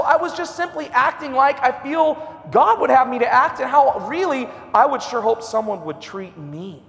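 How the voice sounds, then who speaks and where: A man preaching a sermon, telling a personal story with swings from a hush to a loud, high voice. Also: big-room sound.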